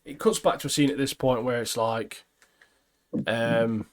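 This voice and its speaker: Animated man retelling a show. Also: mid-range voice, unhurried. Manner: animated retelling, ends phrases with "mate". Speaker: podcast co-host. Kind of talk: casual chat.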